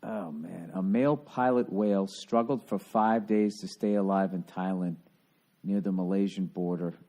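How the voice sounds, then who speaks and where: With a deep, dark voice at an ordinary speed, a solo podcaster from Boston rants casually, rambling along with plenty of sarcasm and cursing.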